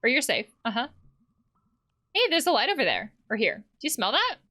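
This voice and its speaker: A woman's voice: a little high, very animated, brisk, pushed and bright. A woman playing a game, reading the characters' lines aloud and adding her own comments. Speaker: let's play host.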